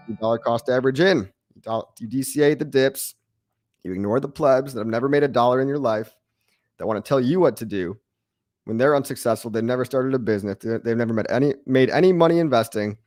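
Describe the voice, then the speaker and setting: A man hosting a crypto livestream, talking casually to his chat in an excitable, brash way, mocking critics and repeating his lines for emphasis. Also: mid-range voice, fast talker, no echo, studio quality. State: out of breath. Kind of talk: live-stream chat reacting to viewers.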